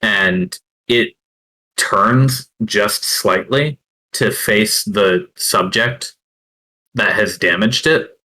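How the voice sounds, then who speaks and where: A man narrating as game master of a tabletop game, hesitant and full of filler pauses. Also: lowish voice, sharp tone, rough recording.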